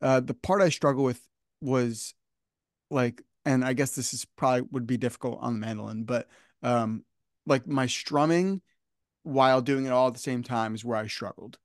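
A man from New Jersey hosts a relaxed podcast conversation. His voice sits at an ordinary pitch and sounds dry and close. He rambles and tells stories with plenty of fillers. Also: moderate pace, no room sound. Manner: chatty, animated storyteller with fillers. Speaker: podcast host. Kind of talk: casual chat.

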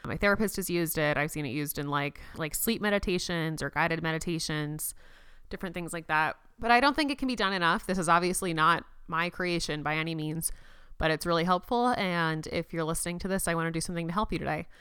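A young woman hosting a personal podcast, speaking gently and reassuringly as she leads listeners through a slow counted breathing exercise. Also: low-pitched, clear, resonant tone, no room sound, clean studio sound. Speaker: podcast host.

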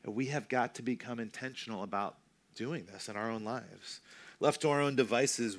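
Conversational male pastor preaching. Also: lowish voice. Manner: conversational, self-deprecating, slows for emphasis. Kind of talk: sermon.

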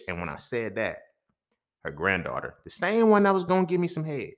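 A young man hosting a podcast recounts something from his own life, brisk and medium-pitched. He's casual, profane, animated, and heavy on slang.

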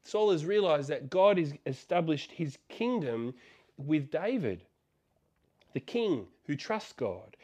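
A man with a slightly high voice retells a Bible story in a sermon. He tells it in an animated way and throws out rhetorical questions to his listeners. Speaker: preacher.

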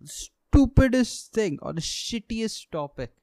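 A man's voice: sits high, sing-song, slow, darkish tone, no echo. A young man hosting a solo comedy podcast, telling a story in a profane, self-mocking way and acting out heated quotes. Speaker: podcast host, aspiring stand-up comic.

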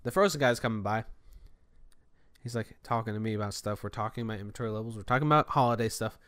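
A man's voice: on the low side, quick pace, a bit bright, clear, resonant tone, no room sound. A man who runs a store department, telling a rambling, frustrated story to his viewers in a casual rant. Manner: frustrated, venting.

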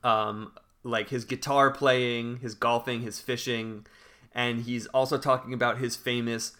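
Bright-voiced man telling a story. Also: medium pitch, little pitch movement, a little slow. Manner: reads forum posts aloud, breaking into laughter. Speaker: podcast co-host telling a story. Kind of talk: casual podcast storytelling.

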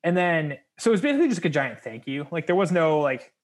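Laughing, animated young man telling a story. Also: fairly high pitch, fast. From United States. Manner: animated, laughing, acts out quoted voices. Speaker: podcast co-host. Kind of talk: casual storytelling chat.

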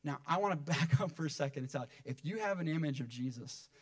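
Animated male preacher, slightly high voice. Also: fast, no echo. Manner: animated preaching, acts out quoted speech, swings from loud to hushed. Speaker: pastor. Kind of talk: sermon.

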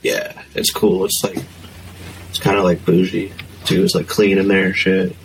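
A fairly low-voiced man chats as a guest on a podcast, easygoing and quick to laugh. His jokes come loose and friendly. There is clear background noise on the recording. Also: level tone, poor audio. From Philippines heritage. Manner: easygoing, laughs a lot, jokey. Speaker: guest, band member. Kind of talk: casual podcast chat.

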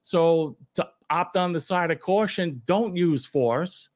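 A man's voice: a little high, slow pace. A man with a New York accent, a retired police officer co-hosting a talk show, speaking in an emphatic, opinionated way. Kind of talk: casual talk show chat.

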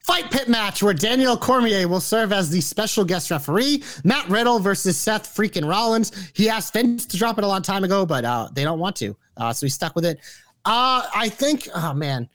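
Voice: medium pitch, expressive, moderate pace, a bit bright, no room sound. A podcast co-host going through a list of picks in casual chat, blunt, indecisive and swearing often.

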